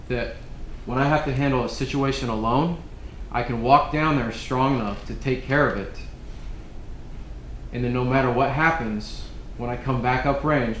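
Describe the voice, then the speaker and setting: A man's voice: mid-range voice, reverberant, a little hiss or hum. Laid-back man telling war stories. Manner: laid-back, rambling, grows loud and laughing in funny stories. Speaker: military speaker giving a resiliency briefing. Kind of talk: casual storytelling talk to an audience. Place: room with an audience.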